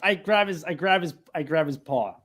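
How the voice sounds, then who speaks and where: A man playing in a tabletop game, expressive and joking, quick to laugh. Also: a little high, slightly rough. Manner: expressive, laughs easily, jokey. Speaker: player.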